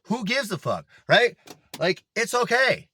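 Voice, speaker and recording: A man's voice: high-pitched, sing-song, measured pace, bright, forceful tone, husky, no echo. A young man in a casual monologue to camera, talking in a rambling, emphatic way full of swearing and filler words. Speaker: fitness vlogger.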